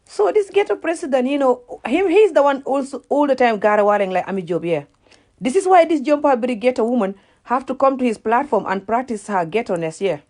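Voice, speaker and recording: A woman's voice: sits high, expressive, brisk, a little mellow. A Gambian woman whose first language is Wolof, ranting casually in a video, often laughing at herself and repeating words as she searches for them. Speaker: vlogger. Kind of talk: casual reaction rant.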